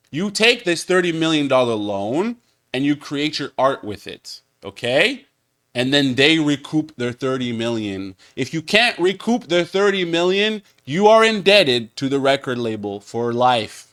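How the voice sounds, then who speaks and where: A man reacts to a video with loose, joking commentary full of slang. His voice sits a bit high and jumps around with lively, animated swings. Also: moderate pace.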